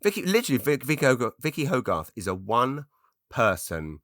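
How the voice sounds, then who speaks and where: A man's voice: medium pitch, very animated, a little fast, a bit bright, no echo, studio quality. A middle-aged man from England, hosting his own podcast in a chatty, rambling, self-deprecating way with many restarts. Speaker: podcast host. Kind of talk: rambling solo podcast monologue.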